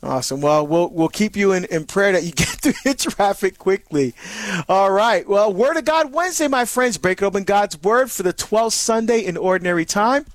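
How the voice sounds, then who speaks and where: High-voiced male radio host. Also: expressive, moderate pace, dry recording. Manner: warm, affirming, thanks callers at length. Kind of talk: call-in radio show chat.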